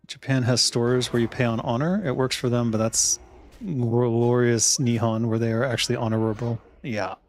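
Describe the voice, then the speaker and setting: A man's voice: mid-range voice, fairly even intonation, normal speed. A man in his thirties, a streamer chatting casually, rambling and swearing with many laughs while ordering food.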